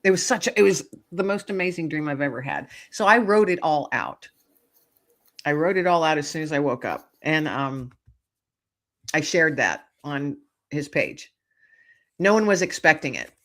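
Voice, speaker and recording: A woman who is a guest author, telling a personal story in a casual interview and acting out the quotes with lively expression. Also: sits low, normal speed.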